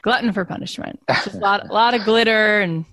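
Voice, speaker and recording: A middle-aged woman hosts a podcast in loose, animated chat, often jumping into higher voices to act out what others said. Her voice sits at a middle pitch, recorded close and dry with no room sound. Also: brisk, no room sound. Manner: animated storyteller, acts out quotes in high voices. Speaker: podcast host. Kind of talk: casual chat.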